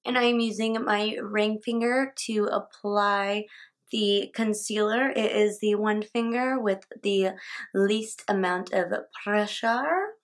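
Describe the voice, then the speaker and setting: A woman's voice: mid-range voice, fairly even intonation, slow pace. A young woman chatting casually through her makeup routine at home as a beauty vlogger, tripping over words now and then and laughing them off. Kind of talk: makeup tutorial talk-through. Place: home, indoors.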